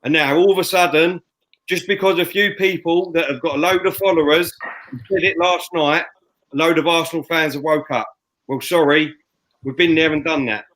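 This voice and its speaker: A man, co-hosting a fan podcast, ranting loudly and emphatically. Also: fairly high pitch, fairly even intonation, normal speed, poor audio. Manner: loud, fuming, emphatic. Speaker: fan show co-host. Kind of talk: heated fan podcast rant. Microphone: headphones and studio mic.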